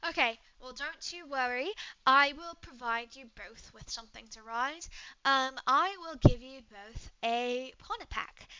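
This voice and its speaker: A woman voicing a poised young British woman trainer who speaks in a prim, gently condescending way with a put-on British accent. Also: high-pitched, measured pace, clean tone, highs cut off. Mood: reassuring.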